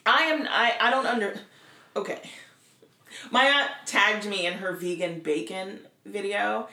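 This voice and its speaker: A woman co-hosting a casual podcast, telling stories in an animated, teasing way. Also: mid-range voice, measured pace. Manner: animated storyteller, dry and teasing. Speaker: podcast co-host. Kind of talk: casual chat. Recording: roomy echo.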